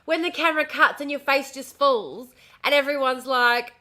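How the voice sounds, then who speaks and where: Australian woman streamer, casual and swearing, higher pitch, bright tone. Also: moderate pace. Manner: chatty, swears freely, speaks with a smile. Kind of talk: casual livestream chat. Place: home room. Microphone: desk mic at home.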